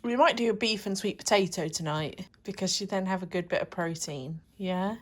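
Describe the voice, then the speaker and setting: A young woman vlogging about her day as a mother. She chats casually to the camera, thinks aloud, and switches into sing-song baby talk with her daughter. Her voice sits at a middling pitch. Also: normal speed. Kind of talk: casual vlog chat to camera.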